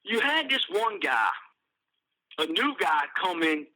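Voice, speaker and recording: A man's voice: high voice, big pitch swings, unhurried, sharp tone, poor audio. A man, casually telling a prison story, rambling, swearing and laughing at it. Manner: rambling, profane, laughing at his own story. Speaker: podcast host, prisoner telling stories.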